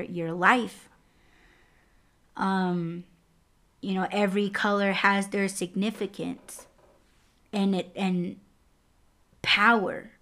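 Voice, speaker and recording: A young adult woman hosting a podcast, telling a personal story in a candid, profane, casual way. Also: mid-range voice. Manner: candid and profane, lively swings in loudness. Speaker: podcast host.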